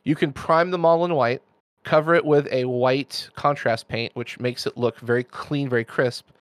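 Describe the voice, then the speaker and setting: Hombre explicando con entusiasmo, voz seca. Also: male voice, medium pitch, fairly even intonation, moderate pace, dry recording, clean studio sound. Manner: enthusiastic, explanatory, talks in long runs. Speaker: miniature painting expert host. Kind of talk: casual chat.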